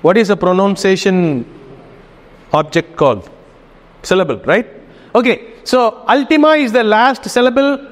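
A man's voice: high-pitched, unhurried, long pauses. A man giving a casual classroom lecture, often checking in with his students. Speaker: teacher. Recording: reverberant hall.

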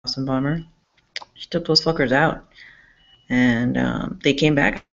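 Recorded indoors in a public campus building with dull lo-fi sound, a woman rambles agitatedly to her camera. She swears often and restarts her sentences, speaking a little slowly in a bass voice with vocal fry.

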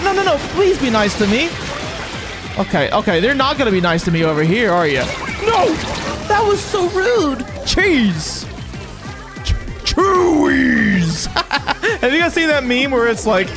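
A game streamer giving excitable, chatty live commentary on a match and talking to viewers in chat. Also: high voice. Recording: game music playing behind the voice.

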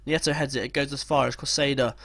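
A young man narrating his football management game as play-by-play commentary, breaking into loud, swearing outbursts. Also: medium pitch, steady tone, fast talker, vocal fry, no room sound. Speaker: gaming commentator.

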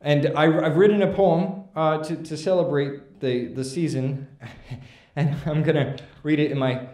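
A man's voice: a little high, steady tone, unhurried, darkish tone, reverberant, close to an everyday voice. A man playing an awkward young slam poet who mumbles and hesitates, stumbling over fillers and restarts. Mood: sheepish. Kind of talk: comic character monologue.

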